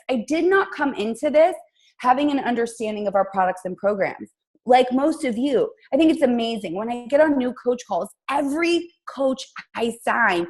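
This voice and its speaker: Animated woman telling a lively story. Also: a little high. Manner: chatty, addresses listeners directly. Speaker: guest host of a coaching team call. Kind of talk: casual motivational storytelling.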